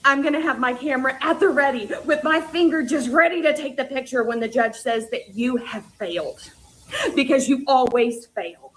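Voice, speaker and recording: A woman's voice: high voice, normal speed, a little hiss or hum, lightly acted, poor audio. A woman playing a bitter, scorned woman in a comedy skit, taunting and laughing scornfully between jabs. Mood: mocking.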